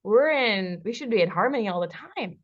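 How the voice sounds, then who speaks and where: A woman relationship coach telling a personal story in a podcast conversation. She is animated, acting out the dialogue between herself and another person in shifting voices, and laughs now and then. The audio is a little dull and lo-fi. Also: medium pitch, brisk. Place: lives in Bali.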